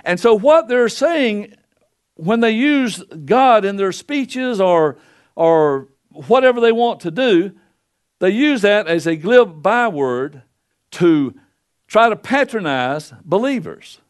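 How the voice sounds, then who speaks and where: An older pastor preaching a folksy sermon into a pulpit microphone, swinging between loud and soft. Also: male voice, expressive, slow pace, clean tone. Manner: folksy preaching with wide swings in pitch and loudness.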